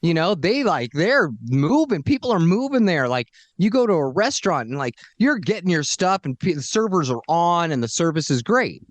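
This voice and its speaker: Animated man rambling in casual chat. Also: fairly high pitch, moderate pace, few pauses, no echo.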